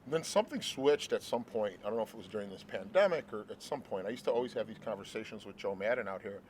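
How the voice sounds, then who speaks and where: A man's voice: lowish voice, lively intonation, quick pace, a little mellow, slight background noise. A man in his forties hosting an interview, talking in an earnest, rambling way with many restarts. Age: 40s. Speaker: host. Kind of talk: casual interview chat. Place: outdoors at a ballpark.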